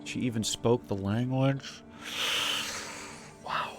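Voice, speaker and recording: A young man reacting to a horror game on a livestream, animated and sarcastic by turns. His voice sits mid-range, with faint music underneath. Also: medium pitch, takes it slowly. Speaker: streamer. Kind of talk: casual gaming livestream commentary.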